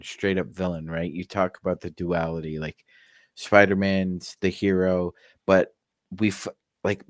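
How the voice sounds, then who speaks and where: A low-voiced man co-hosts a casual chat, talking about films with enthusiasm and analysis. His voice sounds dry and close, with no room echo. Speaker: co-host.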